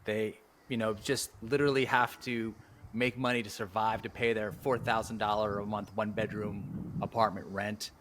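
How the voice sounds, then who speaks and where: A man hosting a casual interview, asking questions and giving relaxed opinions. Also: fairly low pitch, normal speed, slight background noise. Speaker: host.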